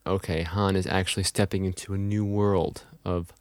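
A man in a casual movie commentary chat, relaxed, throwing in joking asides. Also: low voice, moderate pace, no room sound.

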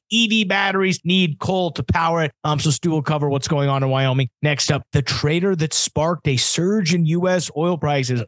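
A man co-hosting an energy news podcast, running through the stories in a casual, sarcastic way and getting loud and heated when he rants. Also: a little high, moderate pace, no echo. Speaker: podcast co-host.

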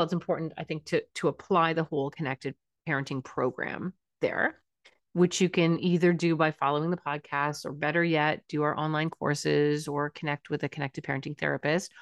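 Earnest low-voiced woman giving parenting advice. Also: no room sound, studio quality. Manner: earnest, reassuring, acts out parent lines. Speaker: parenting podcast host. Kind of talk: advice monologue.

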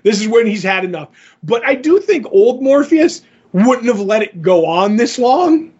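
A man co-hosting a podcast, casually retelling a comic story and quoting the characters in quick voices. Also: very high-pitched, expressive, a little mellow, breathy edge, lo-fi sound. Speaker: podcast co-host. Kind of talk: casual comic-book chat.

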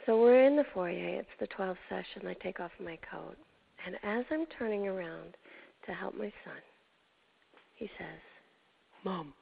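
An older woman hosting a show, telling a personal story with emotion, dramatic pauses and hushed moments. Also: medium pitch, vocal fry, husky. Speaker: show host. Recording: tinny phone-like sound.

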